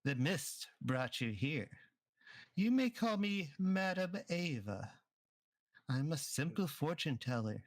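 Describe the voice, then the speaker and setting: A man voicing an old woman fortune teller who speaks in slow, cryptic pronouncements over an online voice chat mic. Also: a little high, big pitch swings, no room sound.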